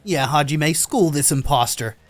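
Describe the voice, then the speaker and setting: A man giving casual let's-play commentary, excited and talking back to the characters on screen. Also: on the high side, moderate pace, soft background music. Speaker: gameplay commentator.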